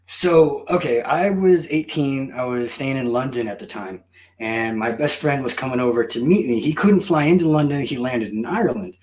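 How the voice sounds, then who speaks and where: A man telling stories in a casual chat, animated and self-mocking. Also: medium pitch, normal speed. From United States. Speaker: guest.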